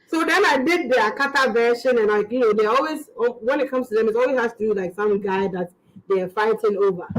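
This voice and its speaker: On a rough recording with a bit of hiss or hum, a Ghanaian comedian talks fairly quickly in a higher voice and a Ghanaian English accent. As an interview guest she chats casually, rambling through stories and laughing as she goes.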